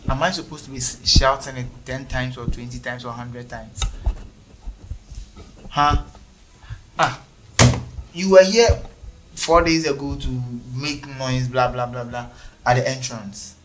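A man's voice: medium pitch, fairly even intonation, a little slow, pauses often, noisy background, close to an everyday voice. A man playing a scornful, bossy bank officer. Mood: irritated. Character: rude, arrogant male bank door officer. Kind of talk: short film acting.

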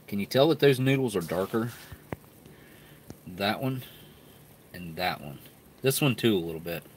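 A food reviewer chats casually to camera while tasting old food, sometimes with his mouth full. His lowish voice has lively intonation at a normal speed, with slight background noise.

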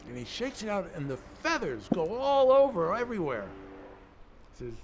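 A man's voice: high voice, normal speed, background noise. A middle-aged man, a guest in an interview, telling stories and acting out the dialogue he quotes. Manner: animated storyteller, acts out quoted dialogue. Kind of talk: storytelling in a conversational interview.

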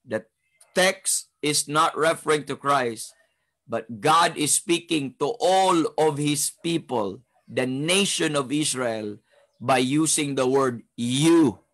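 A man's voice: a little high, slow pace, a bit bright. A male Bible teacher with a Filipino accent, teaching a study, mixing English and Tagalog, emphatic and repeating key points. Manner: switches between English and Tagalog, emphatic and repetitive.

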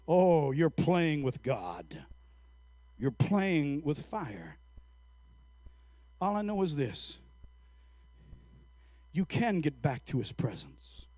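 A man preaching a sermon, telling a story in halting, drawn-out phrases and rising to fervent shouts. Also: high-pitched, animated, no echo.

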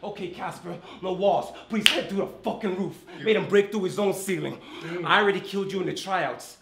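A man's voice: high-pitched, brisk, creaky, fairly bright tone. An Irish-born man with an American accent performing taunting rap battle verses with boastful punchlines. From Ireland. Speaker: battle rapper. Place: indoor battle venue. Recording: roomy echo.

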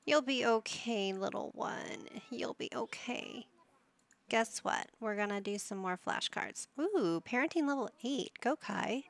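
A woman's voice: a little high, animated, unhurried. A woman giving casual gameplay commentary, chatty and coaxing, talking to her characters like a parent would. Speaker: gaming YouTuber.

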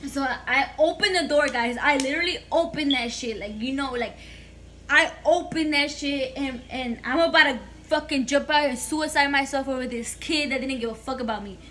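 A woman's voice: high voice, moderate pace, bright, forceful tone, slight background noise. A young woman vlogger telling a casual storytime monologue, chatty and full of swearing, slipping in Spanish phrases.

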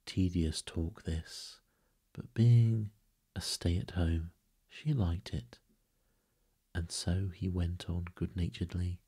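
A man narrating a bedtime sleep story in a soft, hushed way, sometimes whispered. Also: low voice, fairly even intonation, takes it slowly, breathy edge.

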